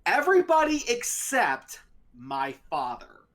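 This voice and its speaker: A talk show host telling a story in a casual, animated way and laughing often. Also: medium pitch, slow.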